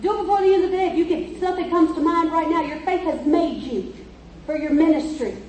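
Woman preacher, high voice, emphatic storytelling sermon, heard from a distance in an echoey church with faint noise. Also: quick pace, darkish tone.

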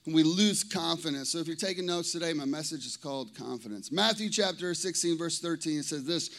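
A man in his thirties preaching a lively, jokey sermon to a congregation in church. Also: on the high side, fairly quick. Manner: energetic, jokey, talks straight to the congregation. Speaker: pastor.

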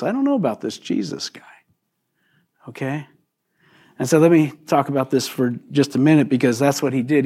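A middle-aged male pastor preaching a sermon in a conversational, animated way, acting out quotes as he goes. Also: a little high.

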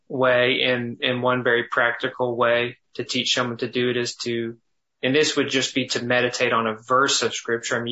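A man teaching thoughtfully in conversation, often pausing, restarting and slowing down to dwell on phrases. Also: mid-range voice, sharp tone, highs cut off. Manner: thoughtful, halting with restarts, slows to savor phrases. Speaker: guest teacher on biblical counseling.

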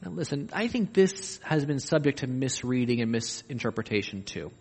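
A man preaching a sermon, animated and humorous, acting out the voices he quotes. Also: medium pitch, moderate pace, breathy edge, big-room sound. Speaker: pastor.

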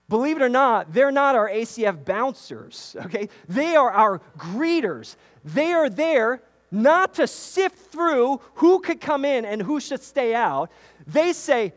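A pastor from New York preaching a sermon, animated, repeating key phrases and talking straight to the congregation. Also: male voice, sits high, a little slow, long reverb tail. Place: church sanctuary.

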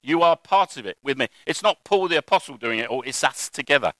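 A man's voice: mid-range voice, lively intonation, fairly quick, a bit bright, no room sound, poor audio. A man preaching a sermon in a conversational way, mixing scripture with anecdotes.

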